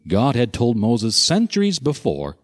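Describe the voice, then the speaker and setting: A man narrating a scripted Bible teaching with dramatic, expressive storytelling. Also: mid-range voice, a little slow.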